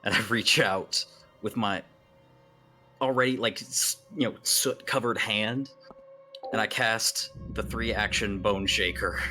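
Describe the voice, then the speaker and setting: A man playing a tabletop game, talking haltingly and laughing often. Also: fairly low pitch, bright, forceful tone, soft background music. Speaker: player.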